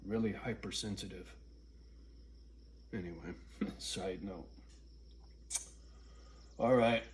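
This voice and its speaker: A man talks straight to his viewers in a blunt, profane, rambling vlog rant. His voice sits on the low side, and a faint wash of crickets and hiss hangs behind him. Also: takes it slowly. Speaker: vlogger. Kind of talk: casual rant to camera. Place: at home alone.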